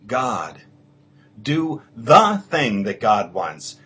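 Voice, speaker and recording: A man preaching slowly and earnestly, his voice a little husky. His pitch sits somewhat high for a man and swings widely as he presses each point home. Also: big pitch swings, a bit bright. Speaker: priest. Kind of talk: homily.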